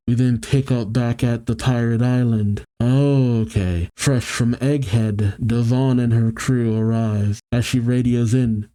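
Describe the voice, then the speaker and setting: A man hosting a manga reaction, reading the story aloud and breaking off into chatty, animated commentary. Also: mid-range voice, unhurried, hardly any pauses.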